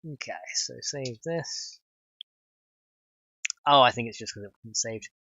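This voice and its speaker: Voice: medium pitch, unhurried, fairly bright tone, dull audio, a little hiss or hum. A streamer, chatting casually while coding a game mod, giggly and rambling and swearing freely.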